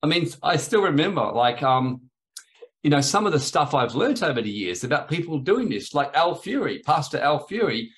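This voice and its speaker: A man's voice: a little high, big pitch swings, normal speed, fairly bright tone. A man giving a rambling, anecdotal talk on spiritual authority, in a sermon style. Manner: rambling, anecdotal, acts out quoted voices. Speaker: spiritual teacher.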